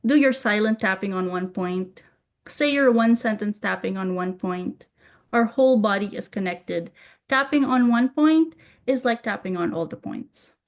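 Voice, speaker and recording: A woman coaching viewers through tapping in a gentle self-help tutorial, softly repeating calming phrases. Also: mid-range voice, normal speed.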